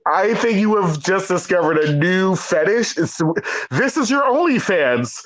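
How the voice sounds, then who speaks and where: A man's voice: sits high, lively intonation, crowd noise, poor audio. Wry, rambling man co-host. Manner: rambling, halting restarts, wry. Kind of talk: casual comedic chat. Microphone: video call.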